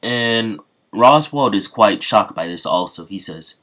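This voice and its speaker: A man's voice: on the low side, expressive, a little slow, sharp tone. A man casually making up and telling a story, chatting loosely with his viewers as he goes. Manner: loose, off-the-cuff retelling with asides to viewers. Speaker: channel host. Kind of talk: casual improvised fan-fiction storytelling.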